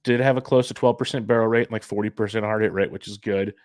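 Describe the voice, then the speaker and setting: A man's voice: on the low side, steady tone, quick pace, no room sound, clean studio sound. A man co-hosting a fantasy baseball podcast, talking casually and a bit sarcastically. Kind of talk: casual sports chat.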